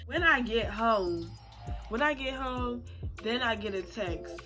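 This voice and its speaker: A young woman vlogger telling a personal story in a chatty, expressive, slangy way. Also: a little high, slow pace. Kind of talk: casual storytime. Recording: music playing under the voice.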